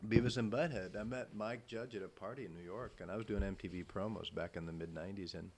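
A man's voice: lowish voice, quick pace, darkish tone, a little hiss or hum. A middle-aged man from Iowa, a voice actor, telling stories in a casual interview, profane and self-deprecating. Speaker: voice actor, guest.

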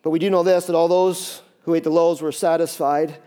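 A man preaching a sermon in a lively, conversational way, with quick asides and acted-out quotes. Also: fairly high pitch, clean tone. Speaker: pastor.

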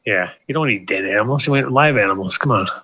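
A man chatting casually on a talk show, chiming in with jokes and quick quips. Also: on the low side, over a noisy crowd. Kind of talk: casual chat.

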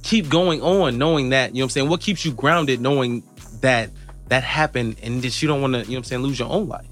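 A young man hosts a casual podcast in a bright, sharp voice, circling his questions with repeated fillers. Faint music sits low in the mix. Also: brisk. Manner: rambling, repeats "you know what I'm saying". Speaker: podcast host.

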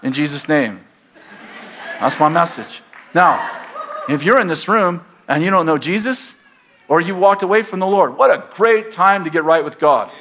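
American pastor preaching to a congregation. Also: male voice, fairly high pitch, expressive, moderate pace, slight background noise. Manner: storytelling, builds to loud exhortation. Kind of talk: sermon. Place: church sanctuary. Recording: faint crowd in a church.

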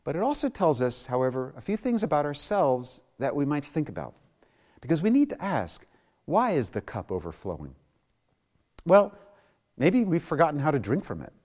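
A man preaching a sermon in an animated way, jumping high in pitch when he acts out quoted voices, then settling to a calm, low prayer. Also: fairly quick. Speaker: pastor.

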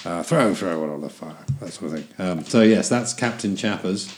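A man's voice: deep voice, animated, normal speed. A man chatting casually as a player in a tabletop game, rambling with many ums. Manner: rambling, self-amused, lots of ums.

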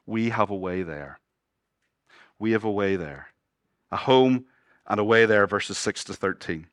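A man preaching a sermon as pastor, moving between loud exclamations and hushed, low passages and asking his congregation questions. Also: animated, measured pace, dry recording, studio quality. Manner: asks the congregation questions and jokes with them. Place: church.

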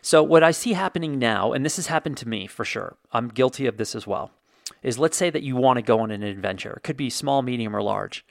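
A man with a gravelly, fry-tinged voice tells casual stories to the camera. He is chatty and jokey, slipping into acted-out quotes. The sound is dry and close. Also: mid-range voice, a little fast, no echo. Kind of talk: casual storytelling monologue.

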